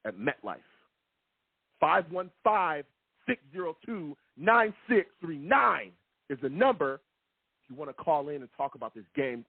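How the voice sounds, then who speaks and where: A fired-up man hosts a sports call-in show, ranting and repeating himself, his pitch swinging wildly and a little high. His voice is husky and comes through a tinny, phone-like line. The sound is dry and close. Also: no room sound. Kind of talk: heated sports call-in talk.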